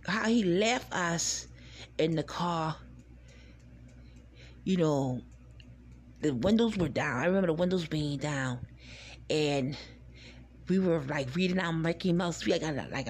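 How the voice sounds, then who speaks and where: A woman's voice: fairly low pitch, animated, slow pace, long pauses. A woman hosting a podcast, telling rambling, laid-back childhood stories in casual talk. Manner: rambling, laid-back, swears and laughs while reminiscing. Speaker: podcast host. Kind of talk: casual storytelling monologue.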